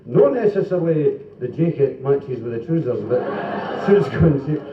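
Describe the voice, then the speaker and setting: A Scottish man does live stand-up, firing off gags and dropping into comic voices between them. His voice sits a little high. The 1970s club recording is dull and roomy, heard from a distance. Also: lively intonation, crowd noise. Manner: quick joke-telling with comic voices and asides. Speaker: stand-up comedian and singer. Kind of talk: live stand-up comedy with jokes and song. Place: club function room before a live audience.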